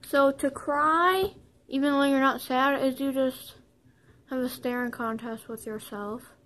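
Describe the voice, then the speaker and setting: A young woman talks through a tongue-in-cheek beauty tutorial, high in pitch and taking her time over every word. She rambles playfully, restarts her sentences and jokes as she goes. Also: steady tone, unhurried, fairly bright tone, a little hiss or hum. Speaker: vlogger.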